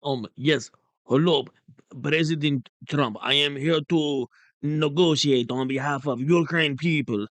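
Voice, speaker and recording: A man doing a mocking impression of a demanding male foreign leader, in a put-on Russian accent, halting and repeating himself. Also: fairly high pitch, a bit bright, no room sound, pitched above the performer's own voice. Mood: wheedling.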